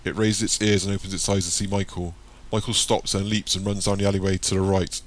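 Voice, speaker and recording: Deep-voiced male audiobook narrator. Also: little pitch movement, quick pace.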